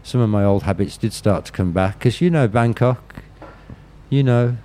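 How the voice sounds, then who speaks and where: A male interview guest from Birmingham, England speaks in that city's accent, telling candid stories bluntly and profanely while frequently restarting. His fairly low, warm voice keeps a moderate pace over slight background noise.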